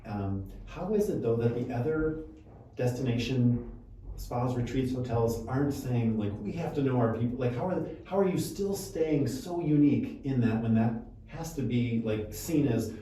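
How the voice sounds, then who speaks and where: A man hosting an interview, asking questions in halting starts and restarts. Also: medium pitch, expressive, warm tone. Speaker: podcast host. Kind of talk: conversational interview. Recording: echoey room, mic far off, faint noise.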